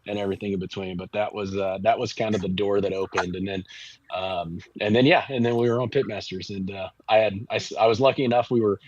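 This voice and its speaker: A man's voice: lowish voice, fairly even intonation, fast talker, darkish tone, a little hiss or hum. A man from the Kansas City area, a barbecue pitmaster guest, telling a long rambling story in a casual interview with lots of restarts. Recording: dull lo-fi audio.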